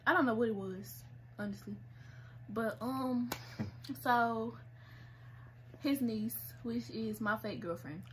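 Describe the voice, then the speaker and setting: A young woman co-hosting a casual storytime, animated, laughing often and acting out other people's lines. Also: a little high, slow pace, pauses often, a little hiss or hum. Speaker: co-host telling a couple's story.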